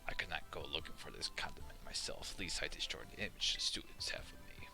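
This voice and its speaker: Whispered role-play: man doing a secretive, formal sweet-toothed gent, deep gravelly hush. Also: fast, music in the background. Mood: conspiratorial. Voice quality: hushed, breathy whisper. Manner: formal, conspiratorial.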